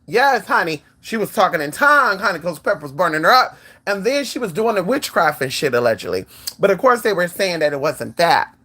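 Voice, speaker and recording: A vlog host talks straight to viewers in a loose, sassy way, with a mid-pitched voice that leaps high and drops low. The speech is frank and salty, with "girl" and "honey" tossed in all the time. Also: fairly quick. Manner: sassy and animated, swinging pitch often; frank and profane. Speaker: channel host. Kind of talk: casual talk to viewers.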